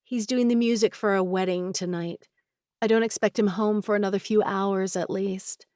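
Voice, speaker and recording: A woman's voice: steady tone, normal speed, darkish tone, no room sound, clean studio sound, close to an everyday voice. A woman narrator voicing a younger sister, a prickly but remorseful young woman, in a raised, emotional voice. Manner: higher, emotional, shifting from guarded to teary.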